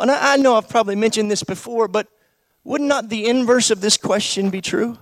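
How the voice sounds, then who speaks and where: A man's voice: very high voice, animated, moderate pace, fairly bright tone, no echo. A man preaching a sermon, posing one rhetorical question after another to his congregation.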